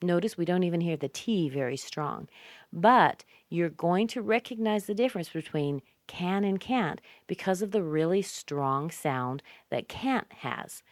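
Woman, North American accent, low voice, slow deliberate pronunciation lesson, dry close mic. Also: lively intonation, dry recording. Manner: slow, deliberate, repeats example phrases with exaggerated stress. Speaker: English pronunciation teacher.

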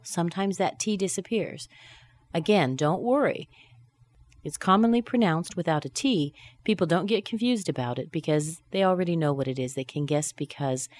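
Female teacher, low voice with lively pitch, slow careful drilling of phrases. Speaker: pronunciation teacher. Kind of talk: English pronunciation lesson.

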